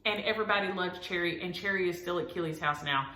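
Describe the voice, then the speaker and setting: A woman's voice: lowish voice, fast talker, pushed and bright, reverberant. A woman, chatting to her viewers as a cross-stitch vlogger and rambling through homespun stories. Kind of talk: casual chat to viewers.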